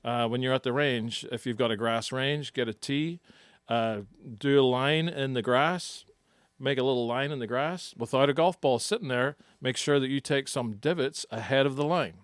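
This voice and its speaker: A man coaching golf on a podcast, laying out his tips patiently and in order. His voice sits at a mid pitch and is recorded close and dry, with no room sound at all. He sounds casual and chatty. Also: normal speed, smooth, no room sound. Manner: explanatory, teaching step by step.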